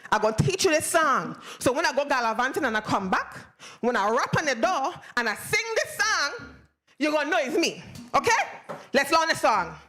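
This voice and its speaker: A woman's voice: sits high, pushed and bright, exaggerated voice. A woman voicing a carefree, doting mother in a folktale. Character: carefree mother who loves to gallivant.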